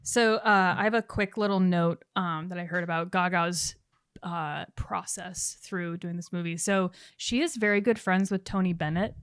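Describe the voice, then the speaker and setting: A woman's voice: lowish voice, moderate pace, clean tone, dry recording, studio quality. Gossipy woman sharing film trivia. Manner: gossipy, shares trivia, swears. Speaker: podcast co-host. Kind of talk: casual film review chat.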